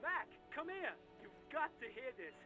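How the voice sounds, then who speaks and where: A brash, mocking male cop with a high, swooping voice, crude and gleeful in his taunts, as a man puts him on while reading a game aloud. The tone is bright and sharp. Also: big pitch swings, normal speed, muffled recording, soft background music, heavily acted. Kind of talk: voicing game characters aloud.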